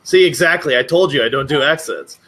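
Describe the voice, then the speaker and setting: A man's voice: fairly high pitch, brisk, sharp tone, a little hiss or hum. A man from Indiana with a Midwestern American accent, chatting casually and self-deprecatingly, with many fillers. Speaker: guest, call-center tech support worker. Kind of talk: casual chat.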